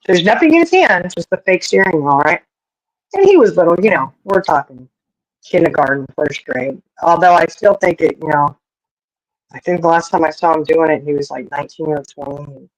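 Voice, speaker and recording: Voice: mid-range voice, normal speed, dry recording, low-quality recording. Folksy storyteller, dry close sound. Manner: folksy, animated, rambling with many asides. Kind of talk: casual storytelling.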